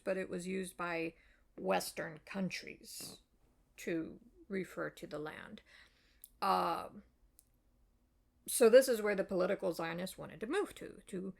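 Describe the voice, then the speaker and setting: Woman, very gravelly voice, slow unhurried delivery, casual history explainer, lots of ums. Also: medium pitch. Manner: rambling, frequent ums and uhs, apologetic asides. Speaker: video essayist.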